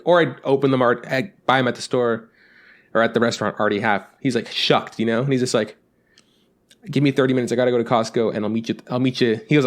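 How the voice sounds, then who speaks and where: Young adult male co-host, fast talker, rambling storyteller who swears freely. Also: medium pitch. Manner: rambling anecdotes with acted-out quotes, swears freely. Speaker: podcast co-host. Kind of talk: casual storytelling chat.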